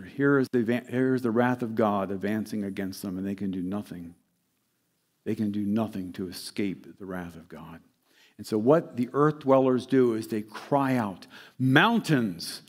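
A pastor preaching a sermon, his voice swelling loud and then dropping soft for emphasis. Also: medium pitch.

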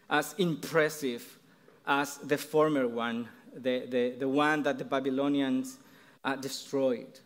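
Man, sermon, slightly high voice, slow halting delivery, restarts. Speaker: preacher.

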